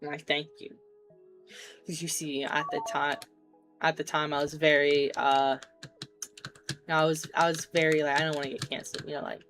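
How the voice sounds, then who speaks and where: A woman streamer casually telling a rambling story while gaming, swearing and tossing in jokey asides. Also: deep voice. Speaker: game streamer. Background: keyboard typing and clicks.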